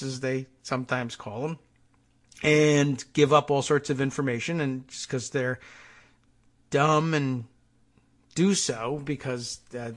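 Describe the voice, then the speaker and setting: A man's voice: fairly high pitch, fairly bright tone. A man hosting a political talk show who rambles through sardonic, digressive commentary with many asides and filler words. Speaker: podcast host.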